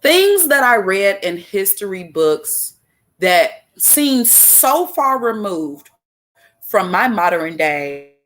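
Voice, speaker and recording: A woman's voice: medium pitch, very animated, takes it slowly, a bit bright. A woman in her twenties from Chicago, hosting a casual spoken monologue and talking emphatically to her listeners, often checking in with "okay?". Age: 20s. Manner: emphatic, preachy, addresses listeners directly with repeated "okay?". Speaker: podcast host.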